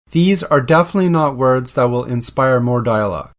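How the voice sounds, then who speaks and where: A man's voice: medium pitch, steady tone, normal speed, few pauses. Playful man hosting a podcast. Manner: playful, explanatory. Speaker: podcast host. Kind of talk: scripted podcast narration.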